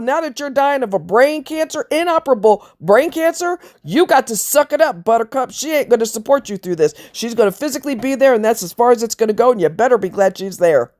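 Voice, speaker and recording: A woman's voice: fairly high pitch, a little mellow. A woman ranting to her viewers in a blunt, scornful, profane way, mocking others in voiced quotes. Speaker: vlogger.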